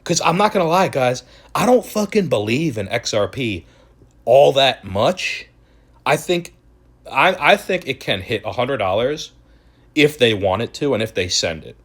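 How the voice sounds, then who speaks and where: With an unhurried, expressive delivery in a mid-range, fairly bright voice, this young crypto host rants on video. His commentary is profane, exasperated and mocking.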